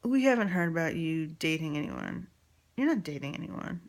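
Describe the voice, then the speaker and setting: A man's voice: on the high side, lively intonation, normal speed, gravelly. A woman putting on her blunt, prying middle-aged father as she quotes him.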